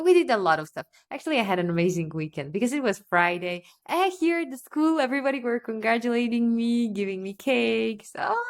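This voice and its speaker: A woman in her twenties from North Macedonia, a teacher chatting with enthusiasm in an interview, gushing and laughing often. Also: medium pitch. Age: 20s. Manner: bubbly, gushing, laughs often, says "oh my God". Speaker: guest, English teacher. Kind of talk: casual interview chat.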